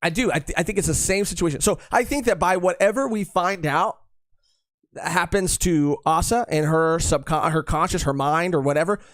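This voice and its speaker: Here a man co-hosting a live-streamed podcast chats in a casual, rambling way full of fillers and repeats. He speaks at a moderate pace in a slightly high, fairly bright voice, and the recording is dry and studio-clean.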